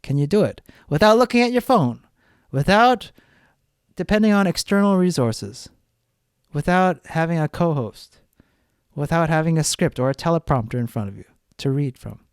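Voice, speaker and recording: A man's voice: on the high side, lively intonation, moderate pace, clean tone, dry recording. Man, podcast host, rambling, profane, dry close sound. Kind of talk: solo podcast monologue. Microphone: studio podcast mic.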